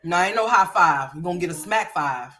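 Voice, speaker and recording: A woman's voice: lowish voice, animated, a little fast, fairly bright tone. A woman hosting a casual livestream, playfully scolding and teasing her young sons. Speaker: livestream host.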